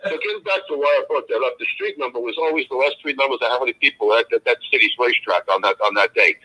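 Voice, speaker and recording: A man's voice: medium pitch, racing, pushed and bright, poor audio. A man co-hosting a casual live chat stream, telling stories in a tough-guy mobster manner. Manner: tough-guy mob banter, storytelling.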